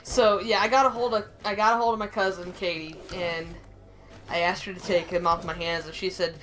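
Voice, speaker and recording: A young woman co-hosting a gaming stream, telling rambling, animated stories with lots of laughter. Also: on the low side, a little fast, low-quality recording. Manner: rambling, animated storyteller who laughs often. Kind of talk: casual chat over gameplay.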